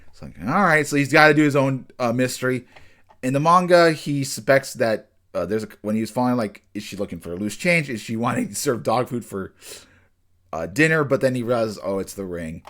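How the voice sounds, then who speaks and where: A man talks through an anime episode in a loose, chatty review, with a lively voice that swings up and down. He often stops mid-sentence and starts again, padding his talk with fillers. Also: mid-range voice. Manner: rambling, with frequent restarts and fillers; acts out characters' lines in quick bursts.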